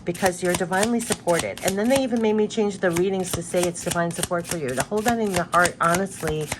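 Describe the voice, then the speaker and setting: A woman's voice: lowish voice, fast talker, background noise. A woman giving a spiritual card reading to her viewers, earnest and repetitive, moved close to tears. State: tearful. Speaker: tarot card reader.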